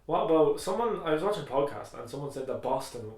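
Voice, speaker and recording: A man's voice: a little high, sing-song, fast, a little mellow. A young man co-hosting a podcast, chatting casually, loose and swearing freely. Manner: loose and crude, swears a lot. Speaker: podcast co-host. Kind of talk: casual chat. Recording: echoey room.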